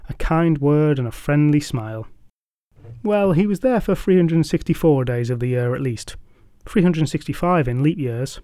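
A man's voice: on the high side, mellow, clear, resonant tone, dry recording. Dry, wry male storyteller. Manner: measured, dramatic, wryly humorous. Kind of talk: scripted storytelling narration.

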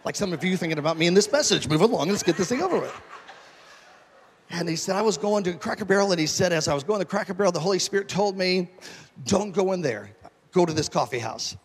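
Male pastor, high-ish voice, animated sermon storytelling, long church reverb. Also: fast, husky. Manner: animated, acts out quoted voices, jokes with congregation.

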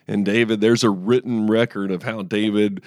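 A man in his thirties, co-hosting a faith podcast, tells personal stories earnestly in a casual faith discussion, often restarting his sentences. His voice is lowish and a little mellow, with fairly even intonation at a normal speed. The recording is dry and studio quality.

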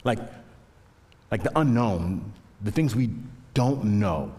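A man's voice: fairly low pitch, expressive, takes it slowly, mellow, big-room sound. A man in his thirties preaching a sermon, telling stories with self-deprecating humor. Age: 30s. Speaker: pastor.

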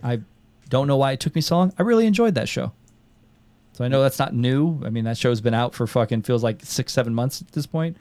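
A young man hosting a podcast in casual chat, who swears freely and tells animated stories with quoted voices. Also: mid-range voice, a little fast, no room sound. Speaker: podcast host.

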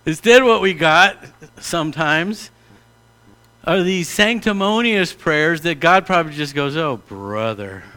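A middle-aged man preaching a sermon as pastor, animated and direct, slipping into mock-pompous prayer voices to make a point. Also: high-pitched, unhurried.

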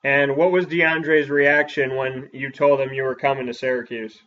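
A man who is a sports broadcaster, reading an upbeat ad spot and then asking quick interview questions. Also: mid-range voice, flat delivery, a bit bright, muffled recording.

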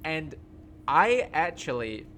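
A man in casual sports chat, talking in an excited, rambling way with many fillers. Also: on the high side, takes it slowly, a little hiss or hum.

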